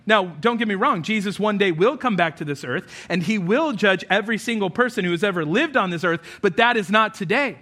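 Bright, high-voiced man preaching. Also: fairly quick, few pauses. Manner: conversational, animated preaching with acted quotes. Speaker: pastor. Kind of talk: sermon.

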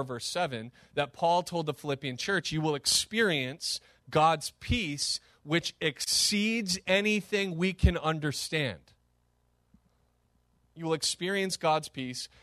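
A man preaching a sermon as pastor, animated and emphatic, with sudden rises and drops in his delivery. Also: fairly high pitch, no echo, studio quality.

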